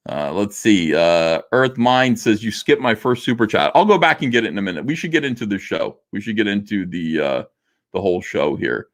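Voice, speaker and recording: Reading super chats on a relaxed livestream, a middle-aged male host responds to viewer messages with jokes and plenty of filler words. His voice is fairly low, animated, and moderately paced.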